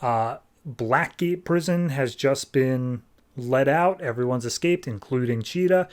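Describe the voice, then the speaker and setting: Male podcast host with a mid-pitched voice, relaxed and wry as he recaps comics. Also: a little slow. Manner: laid-back, wry, with frequent restarts. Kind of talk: casual recap and review.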